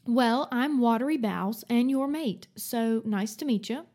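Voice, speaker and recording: A woman's voice: on the high side, a little mellow. Chatty young woman. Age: 20s. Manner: chatty, rambling, quick to laugh. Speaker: podcast co-host. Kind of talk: casual book-club chat.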